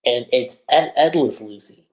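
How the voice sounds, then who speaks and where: A man hosting a livestream, recapping an anime episode in a chatty, animated way, with lots of fillers. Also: mid-range voice, normal speed, poor audio. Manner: animated retelling with frequent fillers. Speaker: anime reviewer.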